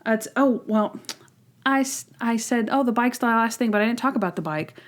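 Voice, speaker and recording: A woman co-hosting a podcast, chatting casually and retelling scenes in an animated way. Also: on the high side, moderate pace. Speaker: podcast co-host. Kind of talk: casual chat.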